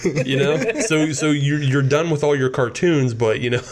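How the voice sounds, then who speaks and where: A man's voice: medium pitch, fairly even intonation, normal speed, a loud crowd. Teasing man, laughing between lines. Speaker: podcast co-host. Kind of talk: casual chat.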